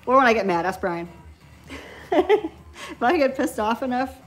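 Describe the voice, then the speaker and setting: A woman's voice: a little high, animated, quick pace. Picture a scattered, giggly woman in her thirties with a New York accent, talking live to her viewers while she paints nail swatches. She's a little tipsy from wine and keeps losing her train of thought. Faint music plays behind her. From New York, Long Island. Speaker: nail beauty YouTuber. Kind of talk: casual live stream chat while swatching.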